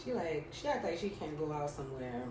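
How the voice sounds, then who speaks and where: A woman's voice: low-pitched, sing-song, fairly quick. A woman co-hosting a podcast, teasing her partner with short, dry quips. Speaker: podcast co-host. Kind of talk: casual chat. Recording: roomy echo with faint noise.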